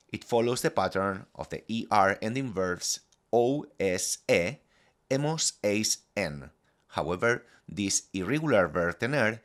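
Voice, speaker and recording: Man, Spanish teacher, low pitch, animated delivery, scripted lesson, careful modelling of phrases. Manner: clear, deliberate modelling of phrases for repetition.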